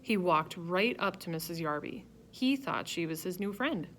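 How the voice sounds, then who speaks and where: A woman reading a children's chapter book aloud, telling it in a lively first-person voice. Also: lowish voice, normal speed, a little hiss or hum. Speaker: reader. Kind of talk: storybook narration.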